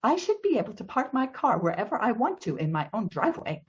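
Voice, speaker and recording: A woman voicing a petulant, dismissive male neighbor who talks flatly and stubbornly. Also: a little high, quick pace, slightly rough, dull audio, pitched above the performer's own voice, heavily acted. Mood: calmly dismissive.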